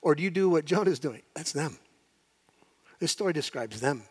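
Animated man preaching a sermon. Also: a little high, normal speed, husky. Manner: animated, voices God and Jonah, swings loud to hushed. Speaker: pastor.

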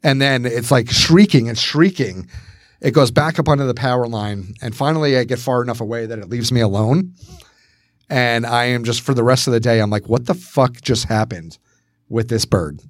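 A man co-hosting a casual podcast, telling a story with lots of swearing and acting out his own shouts. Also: mid-range voice, brisk, no room sound, clean studio sound. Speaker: podcast co-host.

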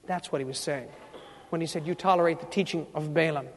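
A man's voice: fairly high pitch, quick pace, long reverb tail. A man preaching a sermon, telling a Bible story and acting out what its people say, now and then asking his congregation questions. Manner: storytelling preacher, acts out biblical quotes, asks the congregation questions. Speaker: pastor.

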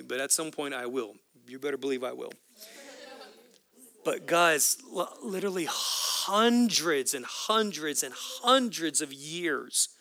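A male pastor delivers a sermon with a high, bright, forceful voice. He builds impassioned runs of repeated phrases. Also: vocal fry, no room sound, studio quality. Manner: impassioned, repetitive preaching cadence.

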